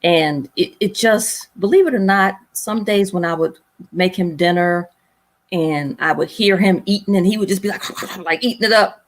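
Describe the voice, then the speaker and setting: Earnest woman telling a faith story. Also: on the low side. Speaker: guest. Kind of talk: emotional personal storytelling.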